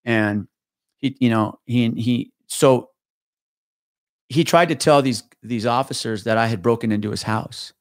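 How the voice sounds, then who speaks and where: Profane retired cop telling a story. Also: male voice, medium pitch, unhurried, no room sound, clean studio sound. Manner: profane, animated retelling with many restarts. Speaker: guest, retired police officer. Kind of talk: casual podcast storytelling.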